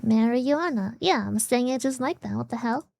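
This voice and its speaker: A woman's voice: fairly high pitch, brisk, creaky, dry recording. A German woman streamer with a German accent, chatting casually in a sarcastic, giggly way and swearing freely. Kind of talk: casual chat.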